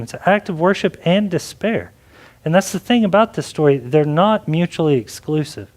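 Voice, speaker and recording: A man with a fairly high voice preaches a sermon in a loose, conversational way. He leans on "like" and keeps asking questions as he moves through the passage. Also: moderate pace, darkish tone. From Texas. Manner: conversational preaching with many likes. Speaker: pastor.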